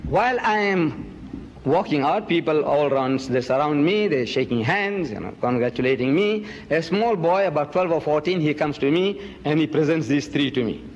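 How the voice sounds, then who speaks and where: A man giving an emphatic, accusing public lecture, jumping sharply up in pitch on key words. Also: animated, moderate pace, long reverb tail, dull audio. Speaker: Muslim preacher and debater.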